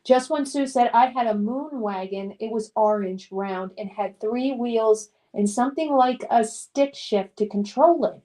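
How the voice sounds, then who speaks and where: High-voiced woman streamer reading chat. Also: a little slow, few pauses, mellow. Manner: reads viewer comments aloud and chats back; nostalgic and upbeat, with frequent fillers. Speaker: live streamer. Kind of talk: casual live-stream chat.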